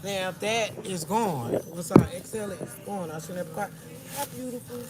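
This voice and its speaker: Loud music sits behind the mid-range voice of a middle-aged woman who is candidly and emotionally addressing her live-stream audience and the staff of a corner store. She talks at a moderate pace, and the recording picks up store noise and traffic.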